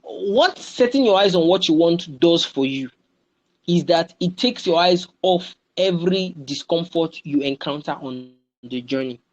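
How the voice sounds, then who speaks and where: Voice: mid-range voice, lively intonation, measured pace. Young nigerian speaker giving a pep talk over a webinar, keeps asking "you get", kinda muffled lo-fi sound. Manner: repeats phrases, keeps checking in with listeners.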